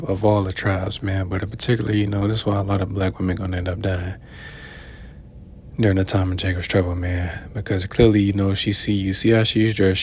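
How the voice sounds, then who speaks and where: A man with a very deep, flat, gravelly voice hosts his own commentary show. He rambles in a preachy way, filling his talk with fillers, over a faint low rumble. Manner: rambling, many filler words. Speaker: commentary channel host. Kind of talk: preachy commentary on played clips.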